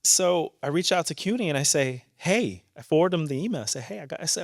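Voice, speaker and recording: A man's voice: on the high side, no room sound, clean studio sound. A man in his thirties with a New York accent, a judge telling stories candidly and earnestly in a conversation before an audience. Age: 30s. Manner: animated, candid and earnest, quick restarts. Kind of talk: conversational storytelling on stage.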